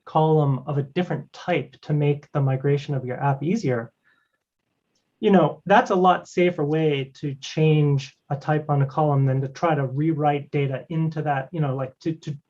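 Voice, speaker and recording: A man walking through a live technical demo as a guest presenter, talking casually and filling pauses with "you know" and "right". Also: on the high side, a little mellow. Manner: conversational, many fillers like "you know" and "right". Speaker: guest presenter demoing a cloud product. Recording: dull lo-fi stream audio.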